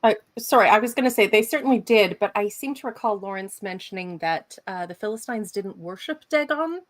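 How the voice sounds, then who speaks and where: Woman, panel participant, casual and polite, mid pitch. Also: expressive, brisk. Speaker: discussion participant. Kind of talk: casual discussion.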